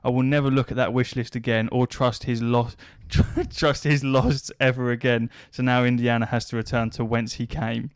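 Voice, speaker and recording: A podcast host spins a casual anecdote, cursing freely as he acts out both sides of a conversation. His voice sits at an ordinary middle pitch for a man. The sound is dry and close, with no room around it. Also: little pitch movement, moderate pace, hardly any pauses, smooth, no room sound. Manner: swears freely, relays a story with quoted back-and-forth dialogue. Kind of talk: casual storytelling chat.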